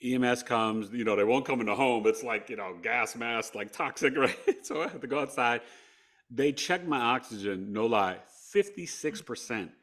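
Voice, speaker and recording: A man's voice: mid-range voice, normal speed, fairly bright tone. A man in his fifties from New York, a podcast guest telling a personal story in a casual, conversational way, full of "right?" and "you know" asides. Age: 50s.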